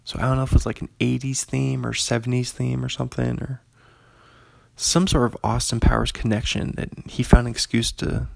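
A young man chats casually through a list of films, wandering off on tangents and reading the listings aloud. His voice is gravelly, at an average pitch for a man. The sound is dry and close. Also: level tone, fairly quick, dry recording. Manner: chatty, digressive, laughs often, reads listings aloud. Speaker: commentator reviewing an actor's films. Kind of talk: casual rambling commentary.

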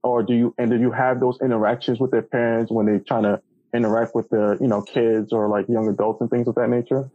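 A man's voice: medium pitch, flat delivery, fairly quick, breathy edge, no room sound, dull audio. Rambling man hosting a podcast. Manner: rambling questions full of fillers and restarts. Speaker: podcast host. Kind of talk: casual interview chat.

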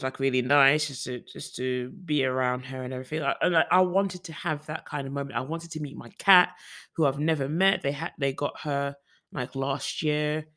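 A man's voice: on the high side, a bit bright. A young man from the UK talking casually in a personal vlog, rambling with frequent restarts and fillers. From United Kingdom. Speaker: vlogger.

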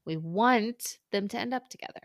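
A woman's voice: mid-range voice, normal speed, no echo, studio quality. A woman co-hosting a casual podcast chat, easygoing and self-deprecating. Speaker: podcast co-host.

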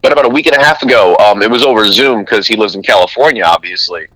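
A man in his twenties, a podcast guest in casual chat, agreeable and quick with profanity. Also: lowish voice, pushed and bright, dry recording, poor audio. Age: 20s.

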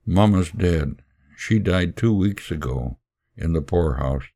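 A man's voice: low voice, expressive, slow, warm tone, heavily acted. A man voicing a poor, orphaned little girl who pleads earnestly through tears. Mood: tearful.

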